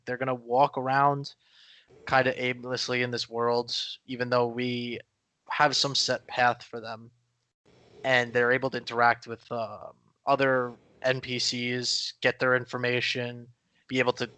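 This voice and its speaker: A man's voice: mid-range voice, sharp tone. A man co-hosting a podcast in casual chat, rambling with many fillers and restarts. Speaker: podcast co-host.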